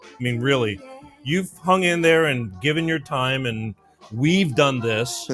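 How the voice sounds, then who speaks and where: A man's voice: mid-range voice, measured pace, faint music behind. A man hosting a casual late-night talk show, rambling and telling jokes. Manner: rambling, animated, joke-telling. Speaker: show host.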